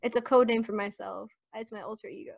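A woman's voice: fairly high pitch, fairly even intonation, gravelly, dry recording. A young woman co-hosting a podcast in casual chat, giggly and emotional. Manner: giggly and emotional, quick to tear up. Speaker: podcast co-host.

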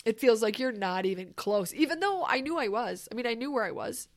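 A woman with a high voice recounts a personal story, animated and emphatic. She talks conversationally, with casual asides to the listener. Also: fairly quick.

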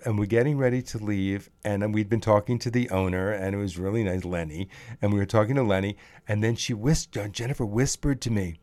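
Lively, low-pitched man telling stories. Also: a little fast, no echo. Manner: animated storyteller, jokey. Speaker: podcast co-host. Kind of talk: casual storytelling chat.

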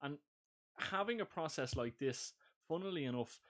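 A man's voice: fairly high pitch, expressive, moderate pace, a bit bright. Chatty man co-hosting a podcast. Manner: chatty, explanatory, laughs easily. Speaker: podcast co-host. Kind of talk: casual podcast chat.

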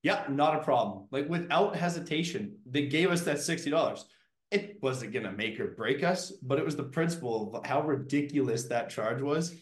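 A man hosts a podcast in a loose, chatty way, spinning stories with animated asides. His voice sits at an ordinary middle pitch. The room around him rings with noticeable echo. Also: normal speed. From Canada. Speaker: podcast host. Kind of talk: casual interview chat. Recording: roomy echo.

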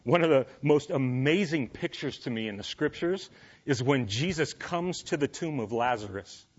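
A man preaches to his congregation in a relaxed, conversational way, now and then asking them direct questions. His voice sits at a middle pitch and swells and drops with the emotion of what he is saying. The recording sounds slightly dull. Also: moderate pace, husky. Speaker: pastor. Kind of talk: sermon.

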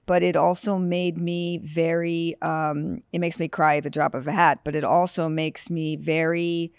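A woman's voice: deep voice, flat delivery, moderate pace, darkish tone, smooth, no echo, studio quality. A woman from New York, a podcast guest talking candidly and expressively in casual chat.

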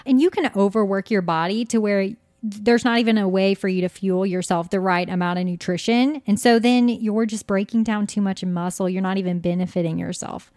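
Woman dietitian guest, earnest and emphatic, lots of "like", mid pitch. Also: fairly quick, darkish tone, dry recording, studio quality. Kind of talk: casual interview chat.

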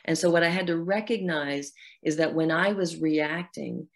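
Low creaky-voiced woman, earnest storyteller. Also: normal speed. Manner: earnest, storytelling, acts out inner dialogue. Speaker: guest author. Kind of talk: reflective interview talk.

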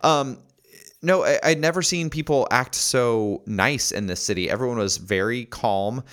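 A man's voice: mid-range voice, a little slow, a bit bright. A man co-hosting a podcast, chatting casually and telling anecdotes full of ums, acting out the people in his stories. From Los Angeles area resident. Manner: rambling with many ums, acts out voices in his stories. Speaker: podcast co-host. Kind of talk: casual chat, storytelling.

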